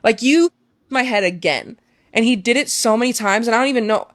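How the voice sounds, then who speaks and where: A woman's voice: on the high side, brisk, no room sound, clean studio sound. A young woman talking as a guest, telling an emotional personal story casually with many fillers.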